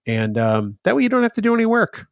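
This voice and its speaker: A man co-hosting a podcast in casual banter, teasing his partner and quick to laugh. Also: high voice, sing-song, creaky, dry recording. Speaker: podcast co-host.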